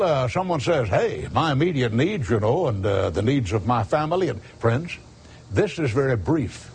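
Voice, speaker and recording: Animated preacher man quoting scripture. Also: medium pitch, husky. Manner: animated, quotes scripture with chapter and verse. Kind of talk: sermon.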